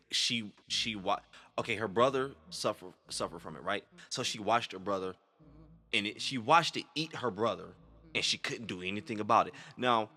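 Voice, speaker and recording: A man hosting a reaction video, talking in an excitable, rambling, slangy and profane way. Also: medium pitch. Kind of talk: casual reaction commentary.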